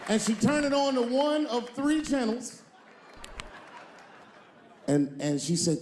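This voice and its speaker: A man in his forties doing a brash stand-up routine, talking to a young audience member and shouting his punchlines. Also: high-pitched, expressive, measured pace, echoey room, a little hiss or hum. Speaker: stand-up comedian. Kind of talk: stand-up routine addressing the crowd.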